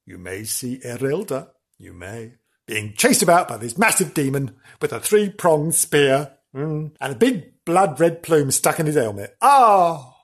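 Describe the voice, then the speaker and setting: A man's voice: mid-range voice, sing-song, unhurried, breathy edge. A man hosting a podcast, telling a comic ghost story in a theatrical, hammy way with lots of repetition. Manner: theatrical, hammy, repeats for effect.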